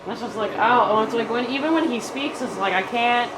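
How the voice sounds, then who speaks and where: A woman's voice: a little high, moderate pace, noisy background. A woman in her twenties speaking in a documentary interview, emphatic and casual, filling her speech with "like" and swearing when she gets upset. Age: 20s.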